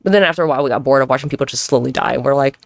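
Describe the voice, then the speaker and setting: A woman's voice: a bass voice, racing, gravelly, no room sound. A woman hosting a casual solo podcast, rambling and swearing freely as she mocks herself. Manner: rambling, profane, self-mocking. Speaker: podcast host.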